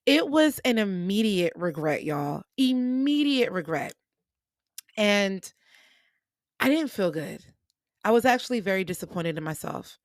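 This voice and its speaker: A woman's voice: mid-range voice, a little slow, no echo. Podcast host woman telling stories. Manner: animated, acts out quoted dialogue. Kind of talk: personal storytelling monologue.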